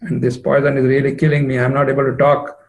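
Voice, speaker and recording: A man's voice: mid-range voice, little pitch movement, fast talker, gravelly, close to an everyday voice. A devoted young woman heroine speaking plainly and from the heart, told by a man in his own voice. She sounds earnest and simple, a figure in a devotional story told aloud. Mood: longing.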